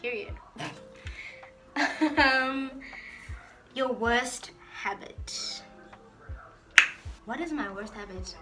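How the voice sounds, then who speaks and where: A woman vlogger with a slightly high voice runs through a get-to-know-me Q&A, reading each question aloud and answering playfully and talkatively. She draws out her words and leaves long pauses, with music playing behind her.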